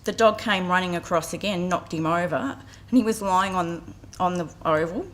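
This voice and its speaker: Speaking for community vet care at an outdoor launch event, a woman in her forties from Australia earnestly recounts a story to the crowd, slipping briefly into other voices. She talks at normal speed in a voice on the low side.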